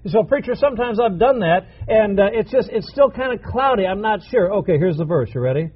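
A man's voice: sits high, lively intonation, fairly quick, slightly rough, highs cut off. A male preacher giving a sermon, emphatic and repeating key phrases for stress.

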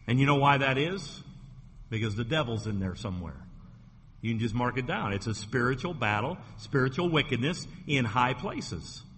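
Bright-toned preacher in a reverberant church. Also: male voice, mid-range voice. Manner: emphatic, repetitive preaching with frequent restarts. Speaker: pastor. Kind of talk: sermon. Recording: long reverb, faint ambient noise.

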